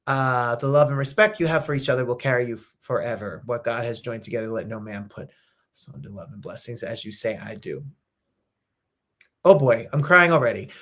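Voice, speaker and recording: A man's voice: medium pitch, fairly bright tone. A middle-aged man hosting a live talk show, chatting effusively and emotionally with his viewers. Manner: effusive, emotional, sings snippets. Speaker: host. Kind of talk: casual live show chat.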